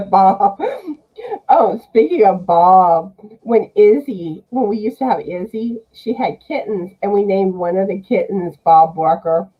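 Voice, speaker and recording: A woman chats as a guest, slow and easygoing, laughing often. Her audio comes through dull and lo-fi, like a muffled remote connection. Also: medium pitch. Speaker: guest on a live chat. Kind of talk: casual chat.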